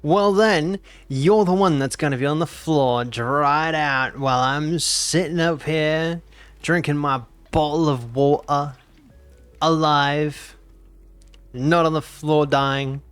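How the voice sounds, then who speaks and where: A man's voice: a little high, slow pace, clear, resonant tone, dry recording, soft background music. A nineteen-year-old man, chatting casually and teasingly as a game streamer reacting to his chat. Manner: playful and teasing, repeats himself.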